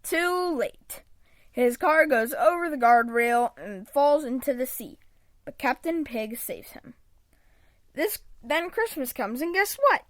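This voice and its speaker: A woman reading a children's picture book aloud in an expressive read-aloud manner, close to a home microphone. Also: high voice, measured pace, dry recording. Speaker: storybook reader.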